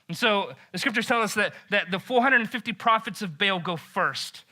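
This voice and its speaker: A man preaching a casual sermon, retelling a story in an animated, joking way and saying "like" a lot. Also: high voice, normal speed. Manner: animated and joking, heavy use of "like". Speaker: pastor.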